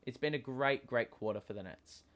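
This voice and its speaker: A man hosting a live basketball watchalong, talking casually with many fillers and sudden excited outbursts. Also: medium pitch, normal speed, dull audio. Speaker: host.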